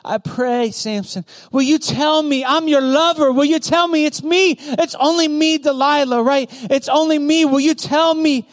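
A man's voice: very high voice, animated, unhurried. A man voicing a pleading, scheming young woman, coaxing and wheedling as he tells a story in a sermon.

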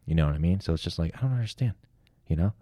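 A man's voice: low voice, animated, racing, warm tone, no echo, studio quality. A young man co-hosting a casual podcast, rambling and swearing a lot in loose, joking banter. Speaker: podcast co-host.

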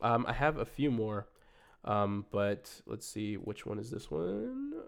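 A young man in casual chat, telling a story in a rambling, halting way, often laughing at himself. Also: fairly low pitch, very animated, gravelly. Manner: rambling, halting, laughs at his own stories. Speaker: co-host reading reviews.

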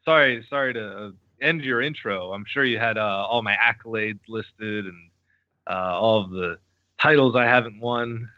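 A man's voice: fairly low pitch, normal speed, dry recording, dull audio. A man appearing as a podcast guest, teasing the listeners and mocking himself in casual chat.

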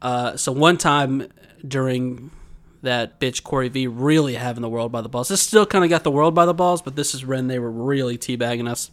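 A man's voice: mid-range voice, normal speed, fairly bright tone. A man, co-hosting a podcast, telling a long dream story in casual chat and laughing often as he goes. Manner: rambling, laughs often while telling stories. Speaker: podcast co-host.

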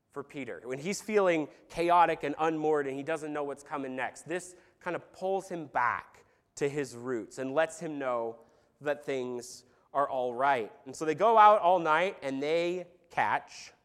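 Animated high-voiced man preaching. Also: a little slow, clear, resonant tone. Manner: animated storytelling with sarcasm and acted-out quotes. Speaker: pastor. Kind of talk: sermon.

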